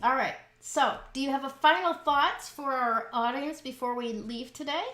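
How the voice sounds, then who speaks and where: A woman's voice: high voice, moderate pace, sharp tone, roomy sound. A woman hosting an interview, encouraging her guest with short affirmations. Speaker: host.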